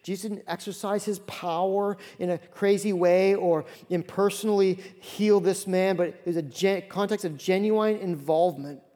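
Animated high-voiced man preaching. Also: in a large hall. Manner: animated, acts out Bible characters in quick voices. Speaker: pastor. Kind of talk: sermon.

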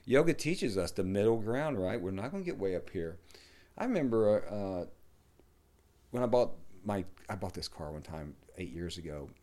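A middle-aged man, a yoga teacher, talking in a rambling, casual way, swearing and dropping to low mutters. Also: very animated, moderate pace, mellow. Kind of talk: casual podcast conversation.

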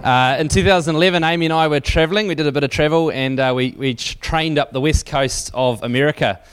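A man's voice: on the high side, fast talker, clean tone, faint music behind. A man preaching to a church audience, telling a wry anecdote loosely with fillers and restarts. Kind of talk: storytelling sermon.

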